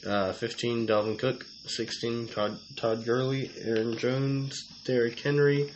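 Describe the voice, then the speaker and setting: A man co-hosting a casual sports rankings chat, reading long lists of names in a halting, methodical way. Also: mid-range voice, level tone. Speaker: co-host. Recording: slightly dull audio, faint noise.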